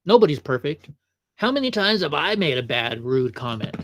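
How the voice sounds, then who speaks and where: A man's voice: on the high side, very animated, moderate pace, a bit bright. A man hosting a livestream and giving casual reaction commentary, full of offhand asides. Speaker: livestream host.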